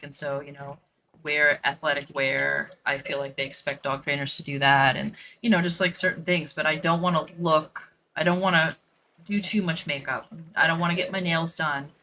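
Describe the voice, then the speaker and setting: A woman's voice: low-pitched, steady tone, normal speed, bright, forceful tone, slight background noise, low-quality recording. A woman who works as a dog trainer, chatting casually and thinking aloud while she plays a game, with lots of "like" and "you know" fillers. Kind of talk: casual chat while gaming.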